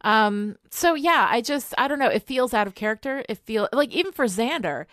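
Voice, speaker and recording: A woman's voice: on the high side, lively intonation, moderate pace, a bit bright, no room sound, studio quality. A woman co-hosting a podcast, talking in a gushing, emphatic way with lots of changes in pace. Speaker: podcast co-host. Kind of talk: casual chat.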